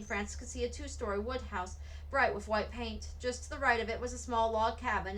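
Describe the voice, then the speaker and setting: A woman reading a children's novel aloud at a steady storybook pace. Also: a little high, rough recording. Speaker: read-aloud narrator.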